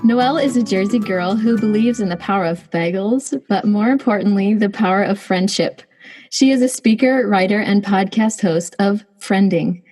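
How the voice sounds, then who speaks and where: A woman's voice: medium pitch, moderate pace, darkish tone, faint music behind. A woman in her thirties hosting a podcast, chatting casually with a giggly, restarting way of talking. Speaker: podcast host.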